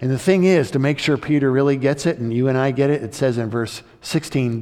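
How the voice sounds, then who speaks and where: A man preaching a sermon, retelling a scripture story in an explanatory, animated way. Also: medium pitch, fairly quick, few pauses. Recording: long hall reverb.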